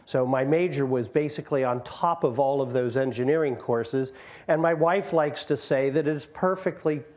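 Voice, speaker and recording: A man in his sixties, invited as a guest speaker, tells jokes and stories about his career to a community audience in a hall, speaking into a microphone. His medium-pitched voice is a little mellow and moderately paced, and his informal storytelling is self-deprecating.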